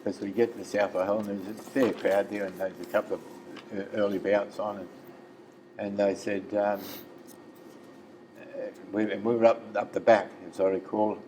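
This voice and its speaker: A man's voice: on the low side, little pitch movement, normal speed, background noise. Older Australian man spinning football yarns. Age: 70s. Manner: rambling yarn-teller who acts out quoted voices. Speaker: interview guest, former footballer. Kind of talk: casual storytelling interview.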